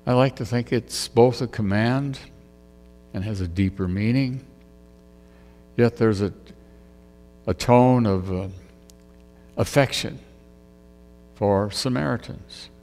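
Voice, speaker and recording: A man's voice: medium pitch, slow, pauses often, darkish tone, in a large hall, faint music behind. A man preaching a conversational sermon, musing aloud as he retells a story.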